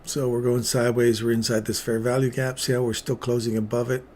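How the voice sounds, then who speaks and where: A man's voice: medium pitch, flat delivery, fairly quick, darkish tone, slight background noise. A man hosting a live trading stream, rambling between chatty asides and market commentary with playful remarks to viewers.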